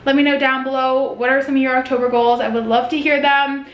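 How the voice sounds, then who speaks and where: A woman vlogging casually at home, gushing and excitable as she talks to the camera. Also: high-pitched, fast, roomy sound. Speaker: lifestyle vlogger. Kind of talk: casual vlog narration to camera. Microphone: vlog camera mic.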